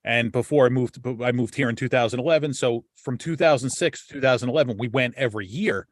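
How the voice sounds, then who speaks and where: A man hosting a podcast, talking in loose, rambling casual chat and dropping curse words as he goes. His voice sits at an ordinary middle pitch. The sound is dry and close, with no room echo. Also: fast. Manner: rambling, swears freely, many restarts. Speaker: podcast host.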